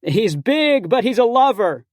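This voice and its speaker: A man reading an audiobook, voicing a loud, friendly, heavily tattooed young man who bellows and teases. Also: high voice, very animated, normal speed, dry recording, clean studio sound, pitched above the performer's own voice. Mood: shouting friendly. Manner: bellowing, teasing, hearty.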